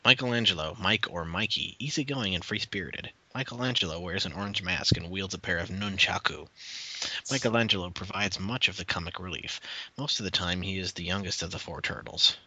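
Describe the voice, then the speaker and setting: A young man in casual chat, reading out fan facts between blunt, excitable, swearing outbursts. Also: low voice, fairly quick, husky, poor audio.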